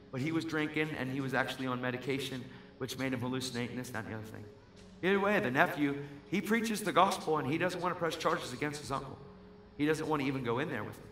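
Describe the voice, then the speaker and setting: Bright, animated man preaching in echoey hall. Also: medium pitch, fast talker. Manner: animated storytelling, acts out voices, builds to shouting. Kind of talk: sermon testimony. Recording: echoey hall with faint music.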